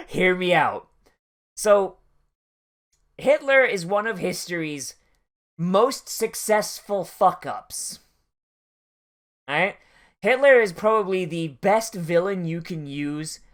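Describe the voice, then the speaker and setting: A streamer riffs over an episode, swearing freely and drifting from one tangent to the next. The delivery is loose and conversational, at a middle pitch. The host talks as if to friends watching along. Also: animated, slow, long pauses. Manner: profane, rambling and tangential storytelling. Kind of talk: casual commentary while watching an episode.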